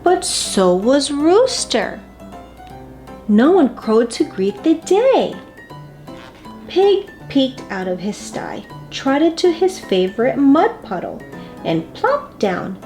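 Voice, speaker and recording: Woman host of a kids' story time, playful read-aloud, unhurried, animated delivery. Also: fairly high pitch, music in the background. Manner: expressive, playful reading with animal noises. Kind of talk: children's picture book read-aloud.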